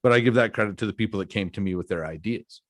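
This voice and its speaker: Low-voiced man hosting a casual podcast. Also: racing, no echo, clean studio sound. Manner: candid, reflective storytelling. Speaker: podcast host.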